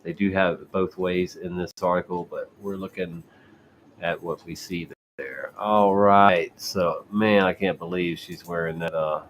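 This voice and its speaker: Male host, slow drawl, reads articles aloud, trips on words, sarcastic asides. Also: sits low, fairly even intonation, slight background noise. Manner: stumbling, repeats and restarts words while reading. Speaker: show host. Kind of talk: casual commentary reading news articles aloud.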